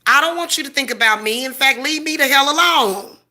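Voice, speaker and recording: Bright-voiced woman ranting profanely. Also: sits high, brisk. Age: 40s. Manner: boastful, defiant. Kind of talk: ranting monologue to camera.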